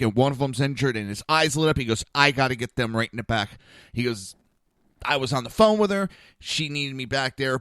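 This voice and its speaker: A man's voice: mid-range voice, no room sound, studio quality. A man hosting a podcast, telling an exasperated story and acting out the dialogue. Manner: animated, exasperated, acts out dialogue. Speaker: podcast host. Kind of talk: casual storytelling monologue.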